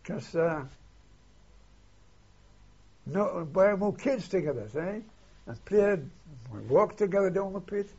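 Older man, oral history interviewee, rambling storyteller, husky and creaky, lo-fi tape sound. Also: high-pitched, lively intonation, takes it slowly, long pauses, mellow. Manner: rambling, keeps adding "see?" and "eh?". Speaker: interviewee recalling war memories.

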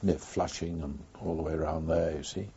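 An older man tells his story in an oral history interview, pausing often and recalling events in an unhurried way. His voice is deep, dark and mellow, and very husky. The recording is dull and lo-fi. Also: fairly even intonation. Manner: unhurried, reflective storytelling with frequent pauses. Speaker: former wartime pilot interviewee.

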